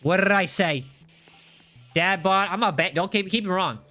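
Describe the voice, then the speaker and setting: A man's voice: high-pitched, normal speed, pushed and bright, soft background music. A man hosting a live gameplay stream, reading chat aloud and chatting in a playful, teasing way. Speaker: gaming livestream host.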